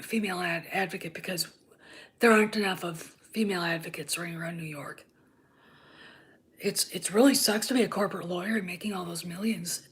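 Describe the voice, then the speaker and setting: Hosting her own channel, a fifties-aged woman with a mid-range voice tears into a TV show with sarcasm and profanity. Her rant keeps dipping into a hushed whisper, and she hammers points with a repeated "okay?".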